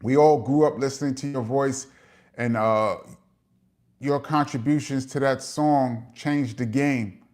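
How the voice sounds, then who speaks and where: A man's voice: mid-range voice, steady tone, measured pace. Chatty New York man reading comments. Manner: long-winded, shouts out viewers, reads comments aloud. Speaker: host of a live chat show. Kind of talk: casual livestream chat, reading viewer comments.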